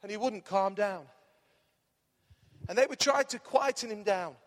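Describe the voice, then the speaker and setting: Man, pastor, strained voice, animated sermon, call-and-response, very high pitch, hall reverb. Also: measured pace.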